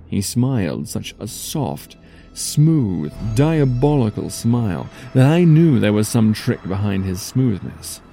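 A man giving measured, dramatic first-person audiobook narration. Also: medium pitch, sing-song, gravelly, mellow. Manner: measured, storytelling delivery. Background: faint music.

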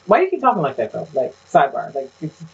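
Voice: mid-range voice, wildly swooping pitch, fast, slightly rough. Blunt, ranting podcast co-host, distant mic. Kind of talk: casual chat. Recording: dull, distant mic sound.

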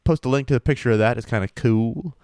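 A man co-hosting a casual podcast, reading out odd stories in a wry, animated way. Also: mid-range voice, fast talker, no echo. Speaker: podcast co-host.

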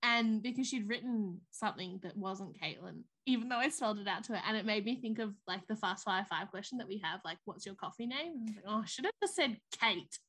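A woman's voice: medium pitch, expressive, fast, few pauses, a bit bright. A woman, co-hosting a podcast in casual chat, telling stories animatedly and acting out the voices of people she quotes. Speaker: podcast co-host.

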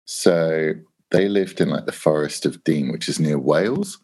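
An English man telling a long anecdote in a casual chat, animated, swearing and acting out what people said. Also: rumbling low, a little slow. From England. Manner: animated anecdote, swearing, laughing, acts out quoted voices. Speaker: guest. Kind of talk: casual storytelling.

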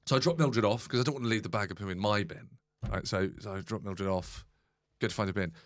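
A man's voice: on the low side, quick pace. Rambling man telling a story. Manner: rambling, swears freely, deadpan storytelling. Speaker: podcast guest. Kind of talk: casual anecdote telling. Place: podcast studio.

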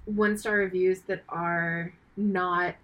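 A woman co-hosting a casual chat, playful with quick reactions. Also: lowish voice, steady tone, muffled recording. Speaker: podcast co-host.

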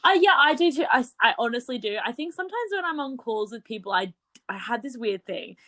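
A woman's voice: fairly high pitch, dry recording. A young Australian woman co-hosting a podcast, chatting casually and laughing easily as she tells anecdotes. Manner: giggly, animated, quick to laugh. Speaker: podcast co-host. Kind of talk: casual chat.

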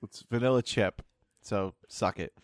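A man's voice: fairly low pitch, unhurried, no echo, clean studio sound. A young man co-hosting a podcast, telling a long story in casual chat with lots of restarts and asides. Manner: rambling, self-interrupting storyteller. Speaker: podcast co-host.

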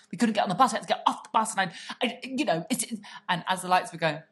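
A woman's voice: fairly low pitch, animated, fast talker, few pauses, a bit bright. A woman co-hosting a podcast, chatting casually in a gossipy, theatrical way and swearing freely. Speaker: podcast co-host. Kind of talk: casual chat.

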